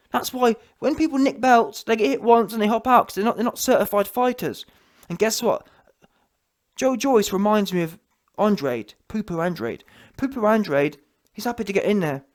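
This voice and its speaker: A man's voice: sits high, lively intonation, moderate pace. Man, fired-up boxing rant, mocking, slangy, keeps adding "yeah". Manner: heated, mocking, slangy, full of restarts and "yeah" tags. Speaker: boxing commentator. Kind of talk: ranting opinion vlog.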